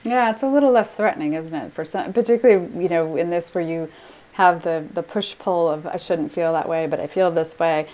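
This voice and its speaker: A woman's voice: fairly low pitch, brisk, mellow. A middle-aged woman hosting an interview, reflective and affirming. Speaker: interview host. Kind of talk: conversational interview.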